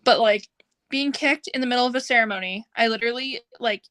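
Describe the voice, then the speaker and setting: Young female podcast guest, blunt and candid, crisp bright tone, dry recording. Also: on the high side, a little fast, dry recording. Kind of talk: casual chat.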